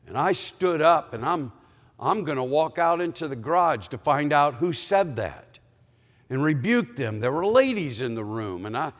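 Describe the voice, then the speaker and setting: A man preaching a sermon as pastor, telling a personal story in an animated, conversational way. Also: a little high, moderate pace, long reverb tail.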